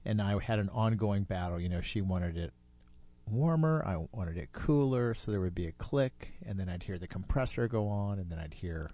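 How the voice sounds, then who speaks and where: Low, mellow man telling a story. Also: animated, normal speed, no echo. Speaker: storyteller guest. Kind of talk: personal storytelling.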